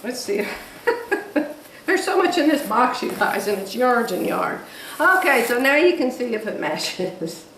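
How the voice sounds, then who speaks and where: A chatty woman with a higher, very lively voice gushes to her viewers, laughing often. She sounds a little off the mic in an echoey room. Faint noise hangs behind her. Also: measured pace, distant mic. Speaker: quilting vlogger. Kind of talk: casual chat to camera. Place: home room.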